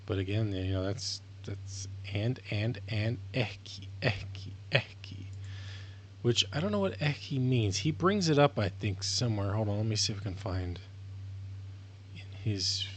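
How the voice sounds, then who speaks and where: A man's voice: fairly low pitch, big pitch swings, normal speed, slight background noise. A tired man talking casually and rambling on a live stream, swearing freely as he goes. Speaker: streamer learning a language.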